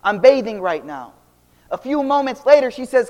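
A young man giving a casual, animated Islamic talk full of slang, swinging between loud and quiet. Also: very high voice, moderate pace. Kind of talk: casual storytelling lecture. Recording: long reverb of a hall.

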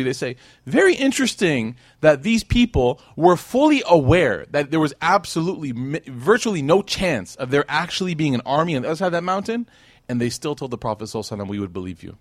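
A man's voice: on the high side, fast, no echo, studio quality. A man giving a storytelling religious lecture to a live audience, full of rhetorical questions and acted-out quotes. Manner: animated, with rhetorical questions to the crowd; acts out quoted people. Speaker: religious teacher.

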